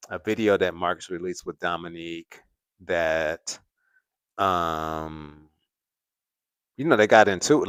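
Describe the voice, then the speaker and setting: A man's voice: sits low, a bit bright, clear, resonant tone, no room sound. A man hosting a casual live-stream commentary, rambling and hesitant with lots of fillers and restarts. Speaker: commentary channel host.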